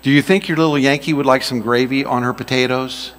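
A man's voice: mid-range voice, steady tone, quick pace, a bit bright, pitched below the performer's own voice, lightly acted. A man quoting a sweet Southern grandmother. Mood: sweetly teasing. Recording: long reverb of a large hall.

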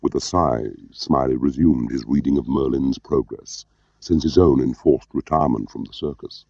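A man narrating an audiobook in a measured, understated way. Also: extremely low pitch, vocal fry, warm tone, no room sound. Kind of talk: scripted narration. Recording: dull lo-fi audio.

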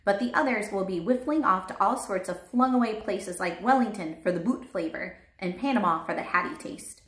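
A woman's voice: mid-range voice, fairly quick, fairly bright tone, lightly acted. A woman voicing a big, friendly male giant who bumbles through made-up words with a folksy lilt, read aloud in a roomy space. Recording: roomy echo.

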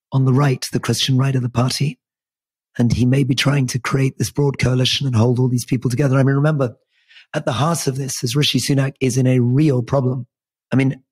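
A man in his fifties co-hosting a political podcast, measured and wry, his voice worn and strained. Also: mid-range voice, a little mellow, slightly rough, no room sound. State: losing his voice. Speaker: podcast co-host.

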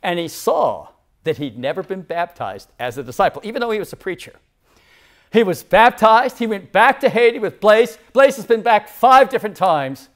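A man's voice: high-pitched, animated, moderate pace. Dramatic preacher in his sixties. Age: 60s. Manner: dramatic swings from loud to whispered. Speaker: church leader. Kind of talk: sermon.

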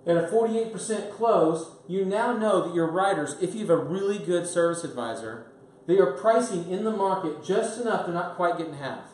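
A middle-aged man coaching business owners at a training seminar, blunt and energetic, pressing his points hard. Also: high-pitched. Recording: echoey room from far off, faint noise.

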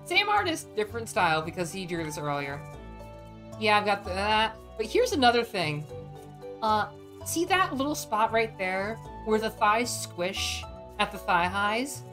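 A woman vtuber streaming a farming game, chatting casually in an animated, crude, joking way and often swearing. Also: medium pitch, measured pace, over music. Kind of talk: casual gaming stream chat.

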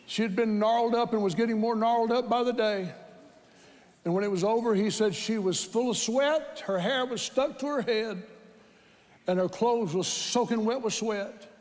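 A man with a Southern American accent preaching a sermon, telling a story with animated quoted voices that climb into shouts of praise. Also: sits high, normal speed. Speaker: pastor. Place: large church hall with congregation. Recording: reverberant church hall with crowd.

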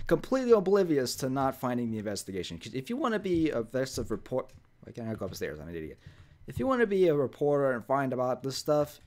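A man's voice: medium pitch, a little hiss or hum. A man hosting a let's play, joking around and reading the on-screen text aloud. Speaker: gaming video host.

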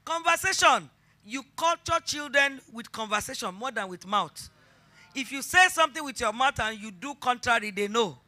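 In a fairly high, animated voice and at a moderate pace, a middle-aged Nigerian-accented woman pastor gives a sermon. Her delivery is emphatic, full of repetition, and builds up to shouting exhortations.

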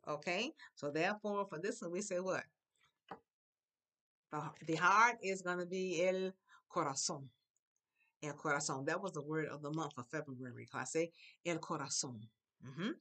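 A woman teaching a children's class, slowly repeating words for the pupils to copy. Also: deep voice. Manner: lively, drawn-out repetition of words for pupils to copy. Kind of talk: classroom language lesson. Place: school classroom.

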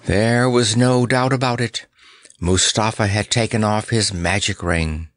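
A man narrating a children's storybook in an expressive, unhurried reading. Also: on the low side, no room sound. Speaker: audiobook narrator.

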